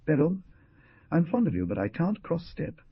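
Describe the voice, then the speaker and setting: Brief: man playing a jittery, shifty young gent in an old crime audiobook, husky voice, dry and muffled. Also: a little high, big pitch swings, dry recording, pitched above the performer's own voice, full character voice. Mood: alarmed. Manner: earnest, quick protesting. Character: nervous, evasive young gentleman. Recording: dull lo-fi dry recording.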